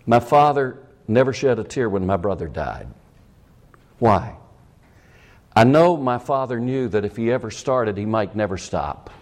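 A man's voice: mid-range voice, expressive, unhurried, darkish tone. A middle-aged man preaching a sermon as pastor, with emphatic rising peaks.

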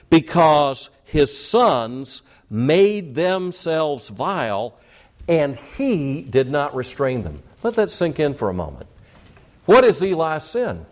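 Emphatic preacher man. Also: on the high side. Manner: emphatic preaching, repeats points, asks rhetorical questions. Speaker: pastor. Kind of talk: sermon.

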